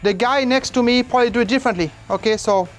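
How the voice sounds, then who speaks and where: A barbecue cook hosting a casual cooking demonstration, explaining each step in a relaxed way and breaking into silly asides and sing-song exclamations. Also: mid-range voice, fast, faint music behind. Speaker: barbecue cook and channel host. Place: outdoors at a large smoker.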